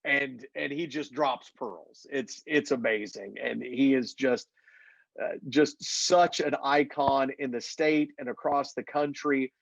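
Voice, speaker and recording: A man with a mid-range, creaky voice speaks slowly; the audio is dull, with no room sound. He's a play-by-play announcer from Missouri in a casual interview, telling animated stories and performing the quotes.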